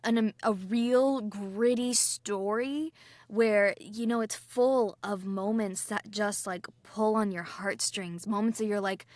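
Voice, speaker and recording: A woman from the cast chatting casually about a production, offering praise with plenty of fillers, restarts and soft laughs. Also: medium pitch, fairly even intonation, takes it slowly, no room sound. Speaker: cast member. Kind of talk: casual behind-the-scenes discussion.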